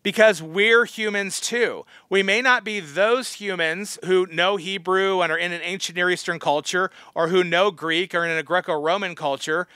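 A man's voice: high voice, pushed and bright, clean tone, no room sound, studio quality. A man teaching a Bible study as a pastor, blunt and harsh, scolding his listeners. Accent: American.

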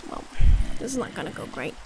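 A young woman gaming YouTuber provides casual let's-play commentary, muttering to herself, swearing, and growing exasperated. She speaks a little fast over heavy background noise.

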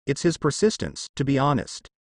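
A man's voice: medium pitch, sing-song, normal speed, vocal fry, dry recording, studio quality. Iruka, a man doing an earnest young ninja teacher.

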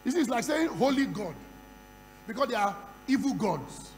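A man preaching a sermon at a conference, moving from quiet storytelling to loud shouting. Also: very high-pitched, sing-song, normal speed. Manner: acts out dialogue in a conversational storytelling voice. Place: large conference hall. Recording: reverberant hall with faint hum.

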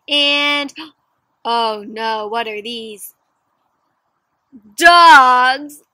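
Reading a picture book to kids, this children's storyteller uses a bright, high young woman's voice, gasping at each surprise with animated energy. She constantly invites her audience in with questions, and the sound is dry with no echo.

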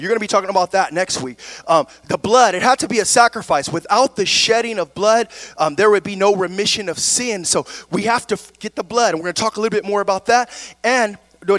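Male pastor, high voice, dry close sound, preaching style with call-outs. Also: fairly bright tone, no echo. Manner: preaching with call-and-response "amen?" and "right?". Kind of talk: sermon.

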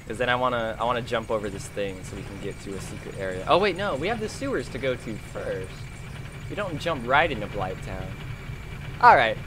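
A man giving excitable, chatty commentary while streaming a game. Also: on the low side, slight background noise. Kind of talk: casual gameplay commentary.

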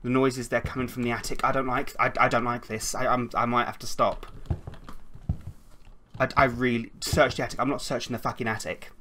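A woman playing a horror game out loud, jumpy, swearing often and stammering when scared. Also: very deep voice, little pitch movement, a little fast, a little hiss or hum. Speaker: let's play gamer.

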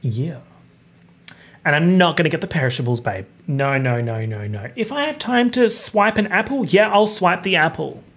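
A young man hosting a casual solo podcast, talking in an animated, campy way and swearing freely. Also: a little high, normal speed. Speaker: podcast host.

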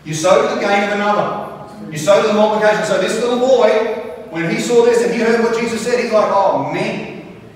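Male pastor, animated storyteller, distant mic, faint hiss in a big room. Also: high-pitched, fast talker, heavy reverb, in a large hall. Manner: animated storytelling with frequent restarts. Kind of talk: sermon. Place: large church hall.

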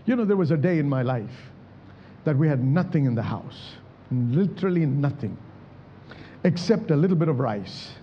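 A man's voice: on the high side, animated, normal speed, big-room sound, dull audio, a little hiss or hum. A male pastor preaching a sermon, calling out to the congregation for responses and acting out prayers as he speaks. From India. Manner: preaching with emphatic calls to the church.

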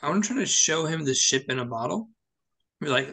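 A man's voice: a little high, lively intonation, brisk, bright, forceful tone. A man playing in a tabletop game, arguing bluntly and pushily in character. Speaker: player. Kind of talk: in-character tabletop role-play.

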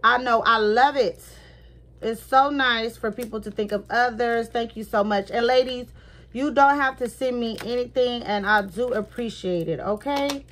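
A woman's voice: fairly high pitch, moderate pace, a bit bright. A middle-aged woman, chatting effusively in a casual haul video and thanking her viewers. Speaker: vlogger.

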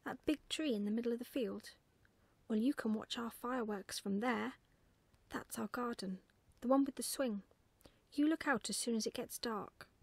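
A woman's voice: on the high side, moderate pace, no room sound. A woman whispering as an eager little boy. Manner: chatty, eager, breathy whisper. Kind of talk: whispered role-play.

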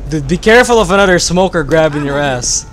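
A young man bantering through a co-op gaming session, loud and jokey, and quick to swear and yelp when things go wrong. His voice sits high and jumps all over the place. Game noise plays clearly behind him. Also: expressive. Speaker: gaming video host. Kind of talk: casual gameplay banter.

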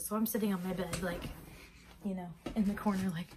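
A woman's voice: medium pitch, a little fast, background noise. A young woman vlogger telling a dramatic story casually, full of fillers. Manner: animated, dramatic, many fillers. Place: bedroom.

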